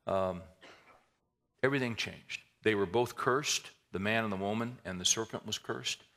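Male pastor, gravelly and bright, animated sermon delivery with jokes woven in. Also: fairly low pitch, normal speed. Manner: animated preaching with humorous asides.

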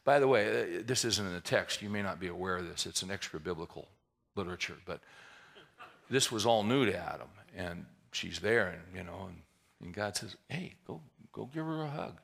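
A male pastor delivering a sermon with a gravelly, rough edge in his voice. His tone is bright and forward, and he preaches animatedly, slipping humorous asides into the teaching. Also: low-pitched, brisk.

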